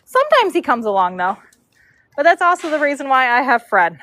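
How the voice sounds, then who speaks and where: Her voice is high and wildly swooping, a bit bright and a little fast. She's a horse braider in her forties, casually chatting on a livestream from a show barn stall, responding to viewer comments and cooing to her dog.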